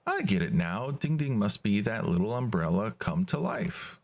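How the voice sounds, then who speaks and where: A man's voice: fairly low pitch, very animated, moderate pace. A man voicing an eager young woman heroine in a video game, reading her lines with curious energy.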